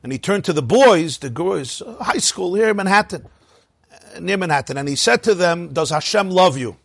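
A high-pitched, husky male voice swinging widely up and down as he lectures. He fires off rhetorical questions and laughs at his own points. The sound is close and dry. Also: lively intonation, normal speed, a bit bright, no echo. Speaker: rabbi teaching a class. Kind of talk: lively Torah lecture.

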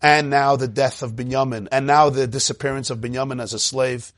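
Animated male Torah teacher, dry sound. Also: mid-range voice, brisk, no room sound. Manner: animated storyteller who repeats phrases for emphasis; quotes Hebrew verses, then translates them. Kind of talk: lecture retelling a biblical story.

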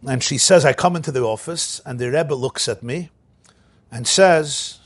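A man giving a storytelling lecture, recounting events with animated emphasis and acting out quoted dialogue. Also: medium pitch, normal speed, husky, no echo.

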